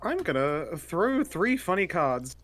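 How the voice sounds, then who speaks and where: A man's voice: fairly high pitch, sing-song, slow pace, fairly bright tone. A man playing a tabletop game, talking casually and hesitantly with fillers. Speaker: player.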